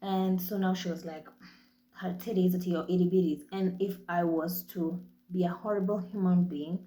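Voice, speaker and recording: A woman's voice: lowish voice, normal speed, echoey room. Blunt Kenyan woman, casual and profane. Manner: blunt, profane, animated storytelling. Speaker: podcast host. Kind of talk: casual monologue.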